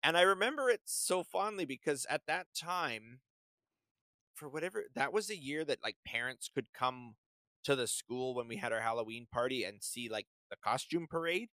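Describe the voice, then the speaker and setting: A man's voice: mid-range voice, animated, moderate pace, pushed and bright, no echo. A man co-hosting a podcast, telling a story in casual, rambling chat full of restarts. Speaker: podcast co-host.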